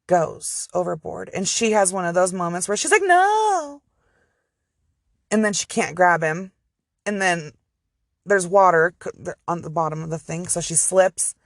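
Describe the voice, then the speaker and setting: A woman's voice: on the low side, steady tone, moderate pace, no room sound, studio quality. A woman casually telling a true crime story from inside her car, chatty and profane with rambling asides.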